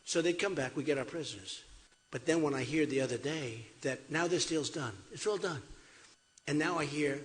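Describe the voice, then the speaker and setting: A man's voice: on the high side, moderate pace. An older man giving an off-the-cuff, repetitive campaign rally speech at a podium in a large hall. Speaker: political candidate. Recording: echoey hall.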